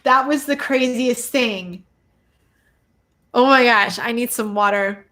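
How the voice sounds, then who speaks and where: An excitable woman hosting a live stream, with a voice that sits a bit above the usual for women. She chats loosely and bursts into gushing exclamations and laughter. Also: fairly high pitch, slow. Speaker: host giving tarot readings. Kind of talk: casual live-stream chat.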